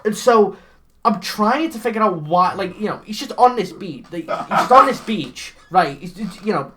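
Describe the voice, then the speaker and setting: A man co-hosting a casual comedy podcast, animatedly recapping a bad movie with lots of swearing and quick character impressions. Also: high-pitched, a little hiss or hum. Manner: animated, swearing, mimics characters mid-story. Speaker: podcast co-host.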